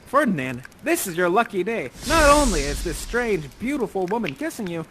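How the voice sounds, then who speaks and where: A man's voice: sits high, big pitch swings, moderate pace, hardly any pauses, fairly bright tone, slight background noise. A man leading an improvised drama game, directing players in a playful, theatrical, coaxing way.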